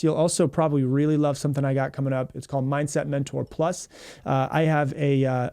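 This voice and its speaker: A man hosting a podcast as a mindset coach, telling a story in a fast, energetic way, often repeating himself and acting out what people said. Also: a little high, no room sound, clean studio sound.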